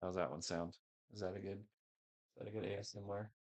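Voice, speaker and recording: Low gravelly man chatting on a stream. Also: steady tone, brisk, darkish tone. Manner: rambling, unsure, talks to viewers. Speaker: livestream host. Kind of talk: casual livestream chat. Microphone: headset microphone.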